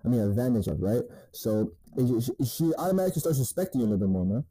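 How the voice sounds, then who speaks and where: Dark-voiced, profane man giving dating advice. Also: medium pitch, expressive, fast talker, breathy edge, rough recording. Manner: crude, profane, repeats "man" often. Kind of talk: casual monologue advice.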